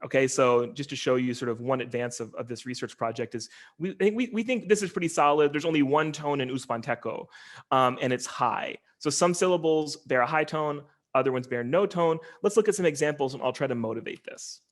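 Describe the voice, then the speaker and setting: A man's voice: mid-range voice, fairly quick. A male linguistics lecturer giving an online talk, explaining step by step with many ums, uhs and restarts.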